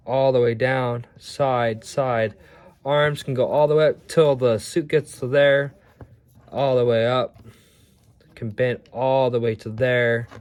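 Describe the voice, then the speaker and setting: A man talks through an action figure review in a loose, rambling way, often stumbling and restarting his sentences. His voice sits at an ordinary middle pitch. He is recording indoors at home. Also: a little mellow. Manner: rambling, stumbling over words. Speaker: toy reviewer. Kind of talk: casual toy review.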